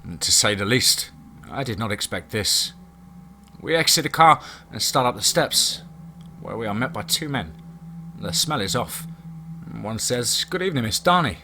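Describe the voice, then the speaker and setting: A man narrating a first-person horror story in a dramatic, measured reading. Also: fairly low pitch, lively intonation, sharp tone, a little hiss or hum.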